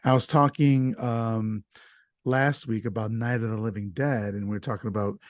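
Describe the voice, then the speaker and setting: A man's voice: fairly low pitch, steady tone, normal speed, no echo, clean studio sound. A man hosting a casual podcast chat, talking loosely and stumbling over names, with an easy laugh. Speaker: podcast host.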